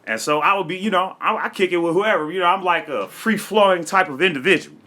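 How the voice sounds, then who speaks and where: A man's voice: high voice, fast, sharp tone. A man from Florida, a comedian and rapper, freestyling and then telling a story in a brash, profane, streetwise way. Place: home studio.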